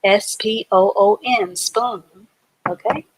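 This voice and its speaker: A woman's voice: medium pitch, slow pace, a little hiss or hum. A woman teaching a live online reading class, patiently sounding out words letter by letter and syllable by syllable.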